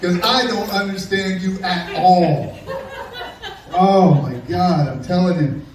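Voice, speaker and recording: A middle-aged man doing a stand-up comedy set, telling sarcastic, deadpan stories about an ex and bantering with the crowd. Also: sits high, slow pace. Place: comedy club stage. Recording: echoey live room from a distance.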